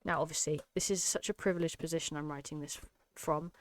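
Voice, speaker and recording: A woman's voice: deep voice, fairly even intonation, fast. A woman teaching an exam-prep lesson, emphatic and explanatory, often checking in with "okay?". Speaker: English tutor.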